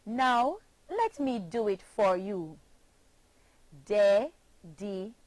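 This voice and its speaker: A woman's voice: on the high side, very animated, dry recording, rough recording. A Jamaican woman teaching children a pronunciation lesson, chanting phrases and spelling words out letter by letter. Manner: slow, sing-song chanting with patient spelling out.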